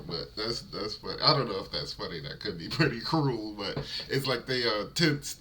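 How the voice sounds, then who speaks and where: A man's voice: mid-range voice, bright, forceful tone, a little hiss or hum, low-quality recording. A man hosting a reaction video, giving laid-back commentary straight to his viewers with frequent chuckles.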